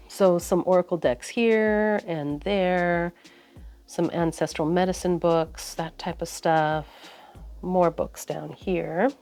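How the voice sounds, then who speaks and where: A woman's voice: fairly low pitch, fairly even intonation, slow pace, a little mellow, faint music behind. A woman giving a casual, rambling desk tour, a little out of breath, talking with lots of fillers and restarts. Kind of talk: casual chat.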